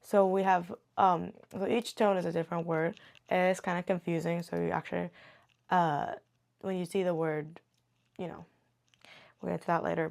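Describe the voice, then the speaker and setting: A woman teaching a beginner language lesson in a slow, patient way, muttering and correcting herself as she writes. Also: on the low side, gravelly. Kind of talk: casual beginner lesson, writing on board.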